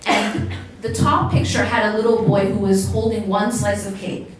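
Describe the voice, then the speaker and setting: An Islamic lecturer gives a religious talk to a live audience, engaging the crowd with questions, in a mid-range voice with fairly even intonation at a moderate pace. She's picked up from a distance in an echoey hall, with slight background noise.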